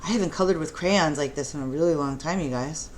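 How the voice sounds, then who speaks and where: Speaking low and fast, a woman gently guides preschoolers through an art lesson, explaining every step and asking them questions. There's slight background noise.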